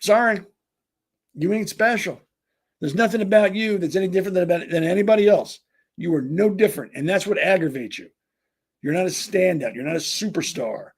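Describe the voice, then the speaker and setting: Husky-voiced man ranting on a podcast. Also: high-pitched, lively intonation, brisk. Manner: emphatic, repetitive, stumbling restarts. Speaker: podcast host. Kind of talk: ranting political commentary.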